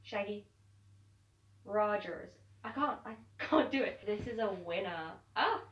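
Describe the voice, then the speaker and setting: A woman's voice: fairly high pitch, lively intonation, normal speed. A young woman vlogging at home, talking to camera in a chatty, upbeat way. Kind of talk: casual to-camera chat. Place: at home indoors. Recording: roomy sound from a distance.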